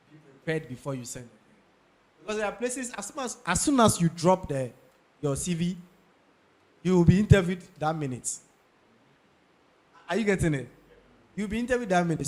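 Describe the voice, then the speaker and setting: A young man with a Ghanaian English accent talks to an audience about careers. His voice sits somewhat high, and he leans on repetition and quick checks with his listeners. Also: dark tone. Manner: emphatic, repeats key points, checks in with listeners. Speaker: speaker giving career advice. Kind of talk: talk to an audience.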